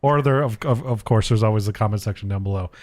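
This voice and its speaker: A man's voice: fairly low pitch, quick pace, a little mellow. A man co-hosting a casual gaming podcast, laid-back and hesitant, with many ums and restarts. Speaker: podcast co-host.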